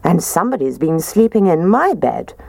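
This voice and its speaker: Woman playing a kindly mummy bear, gentle motherly tone, dry close sound. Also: on the low side, big pitch swings, normal speed, vocal fry, dry recording, exaggerated voice. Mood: puzzled.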